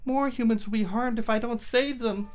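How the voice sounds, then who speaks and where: A man voicing a brave young superheroine in a read-aloud story, high and pleading. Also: fairly even intonation, moderate pace. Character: girl superheroine, brave and plucky.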